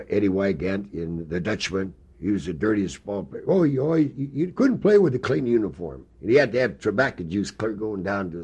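Older man, very low voice, husky, rambling folksy storyteller, oral history interview. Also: a little mellow. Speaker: interviewee, former ballplayer.

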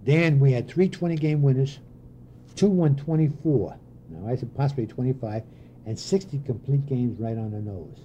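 Older man, dark warm voice, storytelling ex-coach, light noise behind. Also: mid-range voice, moderate pace, muffled recording. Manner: animated anecdotes with voiced quotes and laughs. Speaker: former pitching coach. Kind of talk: storytelling interview.

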